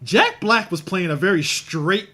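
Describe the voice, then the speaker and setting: A man's voice: high voice, very animated, measured pace, sharp tone. A man co-hosting a casual movie podcast, eager to point things out. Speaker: podcast co-host.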